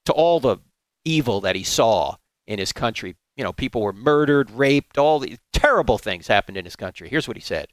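A man giving a preaching talk, emphatic and rhetorical, sometimes jumping into high mocking voices. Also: a bit bright, no echo. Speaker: apologetics speaker.

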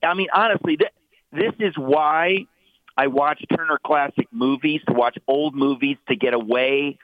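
A man's voice: a little high, moderate pace, no echo. A middle-aged man talking as a guest commentator, emphatic and mocking, stumbling over repeated words. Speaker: guest author. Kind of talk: heated talk show commentary. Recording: tinny phone line.

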